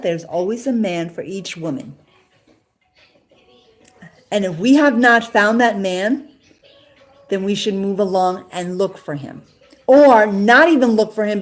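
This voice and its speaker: A woman from Queens, New York, telling her love story in a casual, rambling way, full of fillers and restarts and close to tears at times. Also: mid-range voice. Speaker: interviewee sharing her love life.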